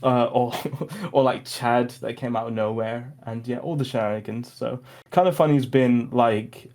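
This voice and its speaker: A podcast host with a gravelly, creaky voice at a middle pitch. He speaks in a reflective, fond way and laughs easily as he chats. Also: a little mellow, a little hiss or hum. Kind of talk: casual podcast chat.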